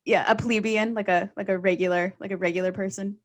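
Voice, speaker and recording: A woman's voice: mid-range voice, steady tone, quick pace. Woman comic, chatty and rambling, mid-range voice, casual chat. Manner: chatty, rambling, laughs often. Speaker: stand-up comedian. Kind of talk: casual conversation.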